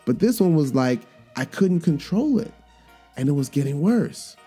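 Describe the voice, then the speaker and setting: A man in his thirties hosting a podcast, telling a story in a casual, animated way and acting out the quoted lines with sudden jumps in pitch. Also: moderate pace, slightly rough. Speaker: podcast host. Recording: faint guitar music underneath.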